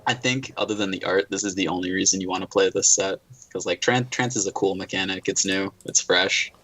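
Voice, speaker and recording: A man's voice: sits low, a little fast, bright, forceful tone, low-quality recording. A man chatting casually about trading cards, easygoing and often restarting his words. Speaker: card game reviewer. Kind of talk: casual chat.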